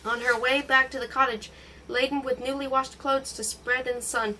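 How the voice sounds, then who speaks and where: Woman reading a storybook aloud, fairly high. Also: normal speed, distant mic, a little hiss or hum, poor audio. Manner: steady, expressive reading. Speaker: audiobook reader.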